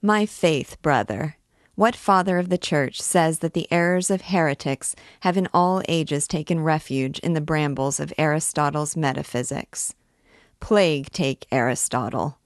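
A woman's voice: sits low, a little slow, dry recording, clean studio sound. A woman reading aloud and voicing a coaxing, impudent young male student. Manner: coaxing, then pleading.

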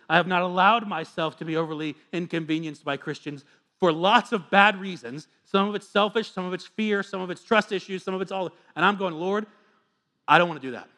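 A man preaching to a congregation with a bright, forceful tone and a fairly high voice. He is earnest and confessional, dropping into soft asides and then hammering points home with repetition. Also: moderate pace. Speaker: pastor. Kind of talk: sermon.

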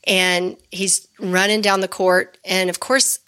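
A middle-aged woman co-hosting a podcast, telling stories in a lively, animated casual chat. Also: medium pitch, takes it slowly. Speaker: podcast co-host.

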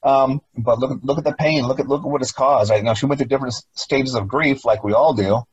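A man's voice: medium pitch, quick pace, husky, lo-fi sound. A middle-aged man, a former police officer, talking emphatically as an interview guest, often repeating himself and asking rhetorical questions. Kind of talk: interview conversation.

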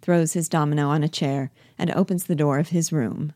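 Low-voiced woman reading stage directions. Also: steady tone, normal speed, dark tone, dry recording, clean studio sound. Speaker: reader and guide. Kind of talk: reading a play aloud.

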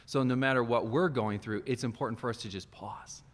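A man, a kids ministry pastor, speaking in a relaxed, thoughtful way with fillers in a casual discussion. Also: medium pitch, a little fast. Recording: reverberant room sound.

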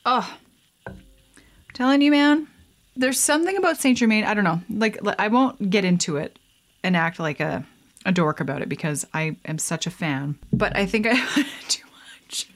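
A woman's voice: medium pitch, normal speed. Chatty young woman mixing a drink. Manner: chatty, laughs often, playful asides. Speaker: vlogger. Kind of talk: casual chat while mixing a drink.

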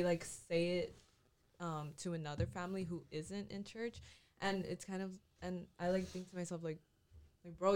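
Young woman, youth group member, low-ish voice, hesitant casual talk. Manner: hesitant, many likes and ums.

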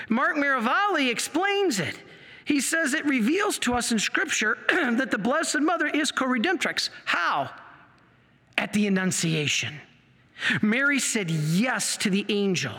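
Lecturer, man, passionate and fired up, bright high voice, long hall echo. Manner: passionate, gets worked up. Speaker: Catholic apologetics speaker. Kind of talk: apologetics lecture with slides.

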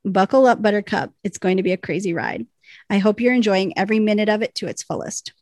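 A woman's voice: mid-range voice, fast talker, a little mellow, no room sound. Chatty woman podcast co-host. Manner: chatty, reads letters with bursts of laughter. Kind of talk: casual chat, reading listener emails aloud.

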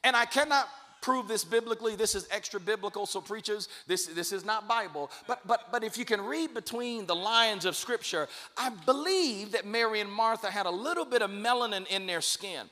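A man with a very high, bright voice preaches a sermon. His delivery is emphatic and swells into shouted declarations. A long hall reverb trails behind every phrase. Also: moderate pace, hardly any pauses. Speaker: bishop, guest preacher.

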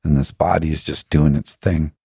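A man with a very deep voice and a husky, grainy edge talks in a reflective, earnest way. He keeps stopping to ask himself questions. The sound is close and dry. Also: fairly even intonation, moderate pace, dark tone, no echo. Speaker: interview guest. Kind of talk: reflective spiritual storytelling.

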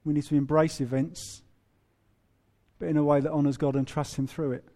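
Pastor guy, pretty high voice, jokey sermon, does little voices for quotes. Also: normal speed. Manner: humorous, animated, acts out quoted voices.

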